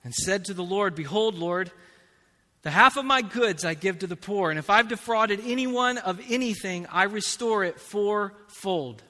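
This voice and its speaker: High-voiced preacher in an echoing hall. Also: male voice, expressive. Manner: slow, emphatic preaching with big swings in loudness. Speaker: pastor. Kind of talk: sermon. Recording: long reverb of a large hall.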